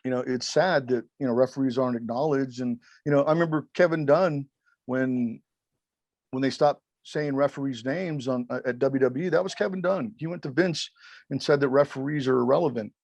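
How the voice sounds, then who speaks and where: A man's voice: medium pitch, fairly quick, vocal fry, darkish tone, no echo. A man as a podcast guest, telling candid stories emphatically, with heavy swearing and acted-out quotes. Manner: profane, emphatic, acts out quotes. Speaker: former wrestling referee, podcast guest. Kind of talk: candid interview storytelling.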